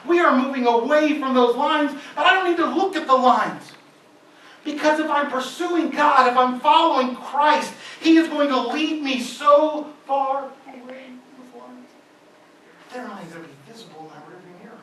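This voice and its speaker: A man preaching a sermon in a church, in an animated, conversational way. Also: very high voice, normal speed, slight background noise. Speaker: guest preacher. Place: church sanctuary. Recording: echoey church hall from far off.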